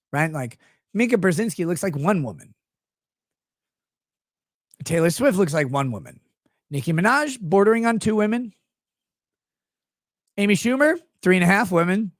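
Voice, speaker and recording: A man ranting as a show host, crude and sarcastic, his pitch swinging widely as he mocks people. The sound is dry and close, with no room behind it. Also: dry recording. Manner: slips into mocking impressions of others. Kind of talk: profane live-stream rant.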